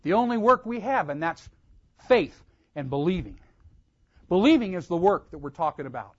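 A man's voice: sits high, very animated, moderate pace, lo-fi sound. Emphatic man preaching. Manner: preaching with loud emphatic swells. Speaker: pastor. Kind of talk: sermon.

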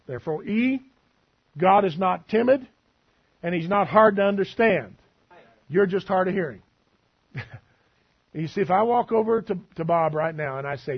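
A man's voice: high-pitched, expressive, moderate pace, breathy edge, lo-fi sound. A male preacher giving a sermon in a conversational, teasing way, asking the room questions.

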